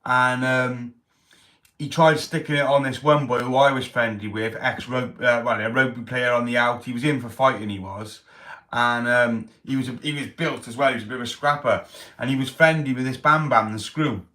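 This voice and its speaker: This livestream host from Wales keeps things chatty and casual, reading viewers' comments out loud and spinning stories in street slang. He speaks at a normal speed in a mid-range voice that sounds pushed and bright, with fairly even intonation.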